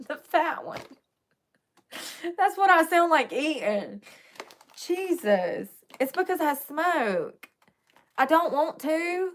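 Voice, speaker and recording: A woman's voice: high-pitched, very animated, slow pace, pauses often. A young woman chatting casually with viewers while doing her makeup, joking and confessional, laughing often. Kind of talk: casual live-stream chat.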